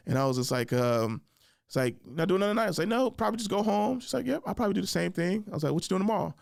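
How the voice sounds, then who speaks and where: A young man hosting a podcast, telling funny stories in a casual chat, jumping into high voices to act out other people and laughing along. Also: quick pace, creaky, clear, resonant tone, no room sound, clean studio sound. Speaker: podcast host. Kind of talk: casual storytelling monologue.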